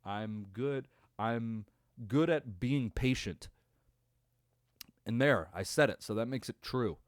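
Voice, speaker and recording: A man's voice: medium pitch, slow pace, no room sound, clean studio sound. A man hosting a podcast, reacting to a game in a casual, profane, rambling rant full of exasperation. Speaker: podcast host.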